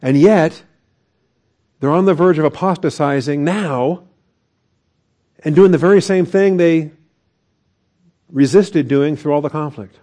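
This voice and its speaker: Male pastor, conversational sermon, mellow dark voice, chuckles between points. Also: a little high, a little slow, pauses often. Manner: conversational preaching with asides and chuckles.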